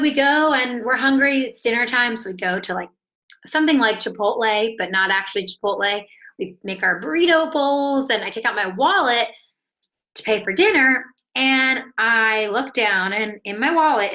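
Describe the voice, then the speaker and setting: A woman with a bright, clear voice, a guest on a podcast. She chats in an upbeat, lively way and acts out the dialogue of her story as she goes. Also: mid-range voice. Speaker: author and coach, guest. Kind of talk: casual storytelling in a podcast interview.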